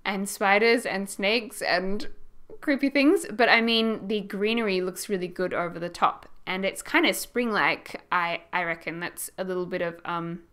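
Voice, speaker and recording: A woman's voice: medium pitch, moderate pace, fairly bright tone. A young Australian woman chatting casually as she narrates a house build for her channel, rambling and laughing as she goes. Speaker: gaming YouTuber.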